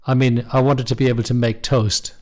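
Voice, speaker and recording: A polite, well-dressed elderly gentleman, read by a male storyteller speaks in a formal, slightly hesitant way. It is a plain storybook voice with little put-on colour. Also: mid-range voice, flat delivery, brisk, close to an everyday voice.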